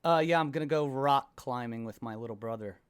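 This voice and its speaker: An American man co-hosting a comedy podcast, speaking in his gravelly morning voice, easygoing and quick to laugh. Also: medium pitch. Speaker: podcast co-host. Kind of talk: casual comedy podcast chat.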